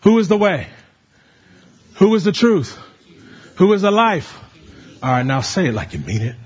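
A man's voice: high-pitched, very animated, moderate pace, a little mellow, breathy edge, highs cut off. A man preaching a sermon, reading scripture and leading the congregation in call and response. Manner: rising to emphatic calls, leading the congregation.

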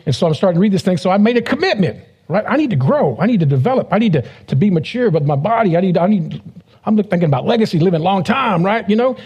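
A male pastor preaches in a loose, joking way and slips into the voices of the people in his stories. His voice is fairly high for a man and sounds mellow and slightly husky. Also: lively intonation, fast talker, highs cut off. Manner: conversational, joking, acts out quoted voices. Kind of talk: casual humorous sermon.

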